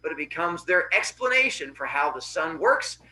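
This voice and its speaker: A man hosting a podcast, casually retelling Greek myths with animated voices for the characters. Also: fairly high pitch, moderate pace, reverberant, recorded from a distance, slight background noise, low-quality recording. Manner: animated, acts out characters' cries. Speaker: podcast host.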